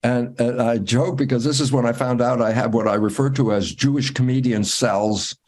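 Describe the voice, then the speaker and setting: A man, a guest in an interview, telling stories in a lively way and acting out his own inner dialogue with big swings in pitch. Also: moderate pace. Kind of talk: conversational storytelling.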